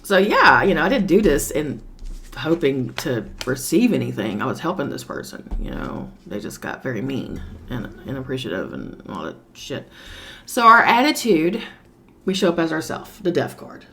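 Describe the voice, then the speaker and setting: A woman's voice: deep voice, very animated, moderate pace, vocal fry, fairly bright tone, slight background noise. A woman giving a casual tarot reading while sick with a cold, talking in a chatty, sassy way and swearing now and then. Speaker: tarot reader.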